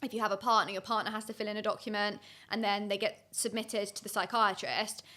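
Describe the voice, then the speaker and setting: Young woman on a podcast, talks fast, rambles, says like a lot. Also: medium pitch, level tone, bright, forceful tone. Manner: fast rambling with many likes. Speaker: podcast guest. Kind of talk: casual chat.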